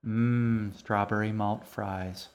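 A man's voice: on the low side, steady tone, slow pace, a little mellow. Man voicing a cheeky young storybook girl. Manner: playful and teasing.

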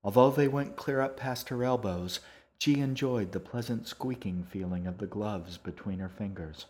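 A man narrating an audiobook in an even, unhurried storytelling manner. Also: fairly low pitch. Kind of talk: scripted narration.

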